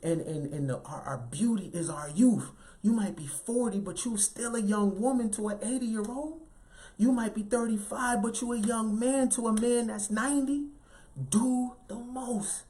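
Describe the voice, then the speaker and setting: A man giving an animated, emphatic motivational talk in a light, youthful voice, often tagging lines with "right?". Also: high-pitched, normal speed. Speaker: motivational speaker.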